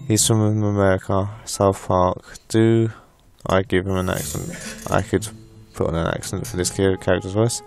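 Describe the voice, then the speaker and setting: A man's voice: deep voice, flat delivery, normal speed, gravelly, hardly any pauses. A man giving rambling, crude, joking let's play commentary. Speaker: gameplay commentator. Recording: voice over loud game music.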